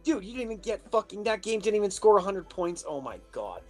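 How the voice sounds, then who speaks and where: A man co-hosting a casual podcast, swearing his way through a lively story. Faint music sits behind his voice. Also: high-pitched, fast. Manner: animated storytelling, heavy swearing. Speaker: podcast co-host. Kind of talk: casual chat.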